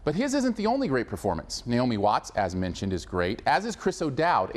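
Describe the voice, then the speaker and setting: Man, film review host, wry scripted delivery, swooping lively intonation. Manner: lively, wry delivery with big pitch swings.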